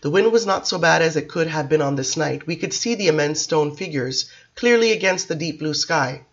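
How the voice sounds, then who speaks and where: Brief: woman narrating a novel, measured, expressive delivery, slightly muffled recording. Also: low-pitched. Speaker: audiobook reader. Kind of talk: audiobook narration.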